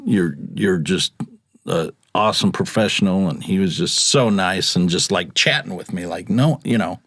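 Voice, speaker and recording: Middle-aged man telling stories, low voice. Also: normal speed, no room sound. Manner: animated storyteller, acts out quotes in a much higher voice. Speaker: guest, UPS delivery driver. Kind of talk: casual storytelling in a podcast chat.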